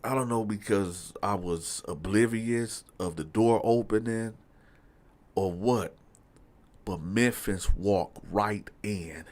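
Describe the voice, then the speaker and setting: A man telling a true story from his past in a casual, animated monologue, talking straight to his audience with lots of fillers. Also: on the low side, slow pace. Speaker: storyteller host.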